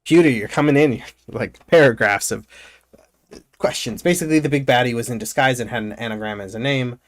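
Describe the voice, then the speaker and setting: A male streamer reading video game text aloud slowly and carefully, breaking off for casual asides to his viewers. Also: medium pitch. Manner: reads game narration in a slow, measured way, breaking off for casual asides.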